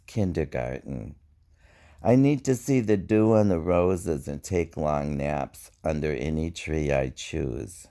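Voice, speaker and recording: A man reading his own spoken-word poetry in a slow, wry, reflective way. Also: deep voice, mellow. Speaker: poet.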